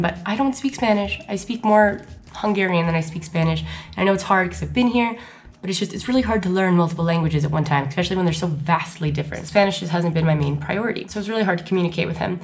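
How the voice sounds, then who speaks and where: A young American woman telling a travel story to camera in a chatty, animated way, full of "like" and acted-out quotes. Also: lowish voice. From United States. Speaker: travel vlogger. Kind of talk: casual storytelling vlog.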